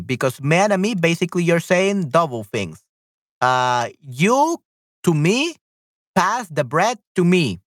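Lively woman teaching on a stream. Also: sits low, no echo, studio quality. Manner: patient, repeats phrases slowly then translates. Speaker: Spanish teacher on a livestream. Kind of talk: live-streamed language lesson.

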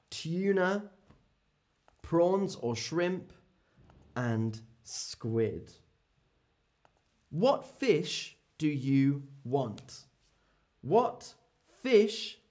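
A male teacher leads a classroom drill, speaking each word with extreme slowness so the students can follow. His pitch swoops up and down with animated emphasis, and he repeats short phrases again and again as he calls on people. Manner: very slow, repetitive, lively and exaggerated intonation. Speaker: English teacher. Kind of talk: classroom language lesson.

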